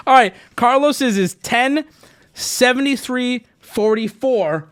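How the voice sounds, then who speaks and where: A man in his thirties tells his live stream an exasperated, profanity-laced story at a normal speed. He swings between yelling and muttering under his breath.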